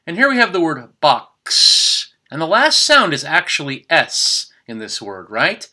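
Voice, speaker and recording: Bright, careful man teaching pronunciation. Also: on the high side, big pitch swings. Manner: slow, careful over-articulated demonstration of words. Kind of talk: spoken language tutorial.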